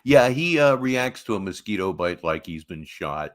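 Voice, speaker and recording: A man hosts a commentary show and picks apart another man's behavior. He talks in a fairly low voice with a dry, sardonic edge. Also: expressive, normal speed. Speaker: commentary host.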